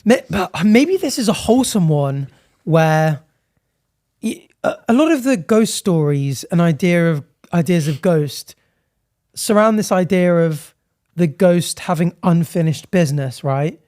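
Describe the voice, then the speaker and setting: High-voiced playful male podcast co-host. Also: expressive, a little slow, a little mellow. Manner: playful, laughs often, acts out little voices. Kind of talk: casual comedic chat. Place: studio on a high floor.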